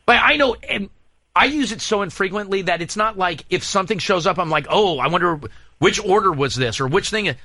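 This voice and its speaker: A man hosting a morning radio show, telling stories in rambling, animated casual banter with frequent restarts. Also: sits high, brisk, dry recording. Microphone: studio microphone.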